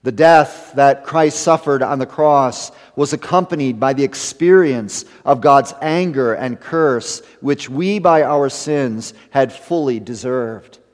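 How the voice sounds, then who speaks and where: A man preaching an evening sermon in a measured way, rising to emphatic stresses and dropping to hushed low endings. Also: long reverb tail. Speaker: pastor.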